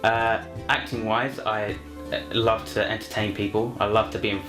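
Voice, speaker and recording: Young man, rambling, lots of ums, low voice, roomy echo, faint music. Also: little pitch movement, normal speed. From London. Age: young adult. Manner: rambling, many fillers and restarts. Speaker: university student, actor. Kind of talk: self-introduction and comic story for a showreel.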